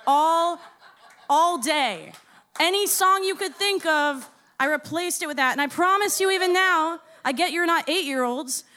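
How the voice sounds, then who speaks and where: A woman's voice: high-pitched, pushed and bright. A woman in her thirties telling a story live on stage, with a casual, profane, self-deprecating manner and frequent laughs. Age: 30s. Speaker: storyteller and musician.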